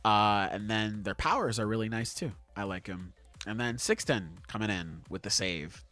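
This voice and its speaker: A man's voice: lowish voice, moderate pace, a bit bright. A man hosting a podcast in casual chat, talking with enthusiasm and swearing freely. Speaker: podcast host.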